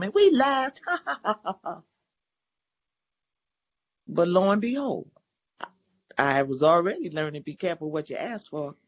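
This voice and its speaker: A woman's voice: on the low side, big pitch swings, takes it slowly, long pauses. A woman in her forties giving an emotional personal testimony at a recovery meeting, acting out the dialogue in her story. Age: 40s. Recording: dull lo-fi recording.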